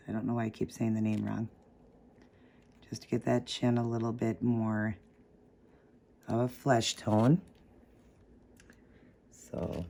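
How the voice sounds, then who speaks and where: A man's voice: lowish voice, vocal fry, warm tone. Chatty man walking through a craft. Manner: chatty, talks while working, corrects own slips. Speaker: craft tutorial host. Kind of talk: casual step-by-step tutorial.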